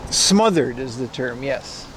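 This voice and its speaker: A man's voice: medium pitch, animated, slow pace, fairly bright tone, slight background noise. A man livestreaming as he walks outside, chatting and joking with his viewers. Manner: chatty, joking, talks to chat. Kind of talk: casual IRL stream chat. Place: outdoors on a street.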